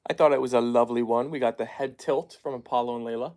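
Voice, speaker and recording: A man chats casually through a live stream from his home, reading out viewers' comments in an easygoing voice of ordinary middle pitch. Between comments he drops to soft shushes and gentle words to calm his dogs. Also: quick pace. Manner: chatty, reads viewer comments aloud and hushes his dogs softly. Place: at home, down in the basement.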